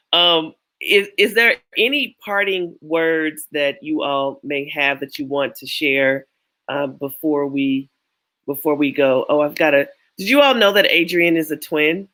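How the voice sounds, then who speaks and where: Bright-voiced playful woman host. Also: sits low. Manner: playful, joking, laughs often. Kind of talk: casual panel chat.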